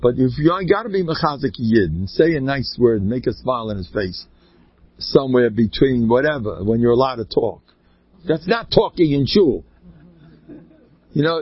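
A man giving an informal Torah talk, joking and swinging his pitch up and down, with Yiddish and Hebrew words mixed into his English. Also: breathy edge. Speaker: religious speaker. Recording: dull lo-fi dry recording.

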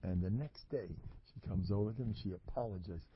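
A man's voice: fairly low pitch, fairly quick. A man giving an informal religious talk to an audience, rambling through stories and acting out both sides of conversations. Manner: rambling storyteller who acts out dialogue. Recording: muffled lo-fi recording with faint noise.

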